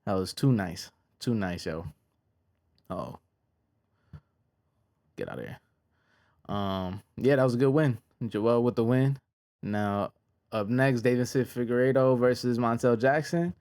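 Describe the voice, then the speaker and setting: A man talks through a night of fights in a relaxed, slang-heavy reaction style, often pausing with an "um" before moving on. His voice sits at an ordinary middle pitch. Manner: laid-back, slangy, many "um" pauses. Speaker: host reviewing fight results. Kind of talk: casual reaction commentary.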